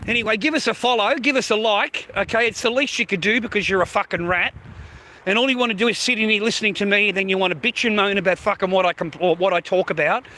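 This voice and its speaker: A man's voice: high voice, fast, pushed and bright, poor audio. A man hosting a livestream in a crude, sweary ranting chat, mocking his viewers and laughing often. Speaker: livestream host.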